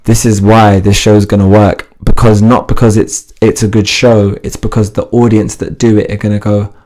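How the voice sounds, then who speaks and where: This is a man with a somewhat low voice, talking casually as a guest on a podcast. He tells stories in an animated way, often laughing and restarting his sentences as he goes. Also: normal speed. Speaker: podcast guest, fitness TV host. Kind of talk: casual interview chat.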